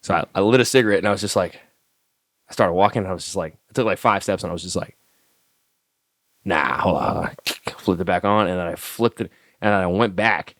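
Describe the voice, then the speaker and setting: A man, an army staff sergeant guest on a podcast, telling stories casually in a profane, animated way and acting out the dialogue. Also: deep voice, quick pace, no room sound, clean studio sound. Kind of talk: casual storytelling.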